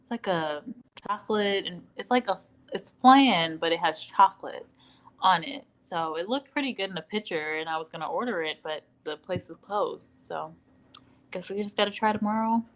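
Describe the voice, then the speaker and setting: A woman's voice: lowish voice, normal speed, rough recording. A woman from the Midwestern United States, chatting at home as a livestream host, reading out viewer comments and acting out quoted dialogue with laughs. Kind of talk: casual live-stream chit-chat. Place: at home in Dallas.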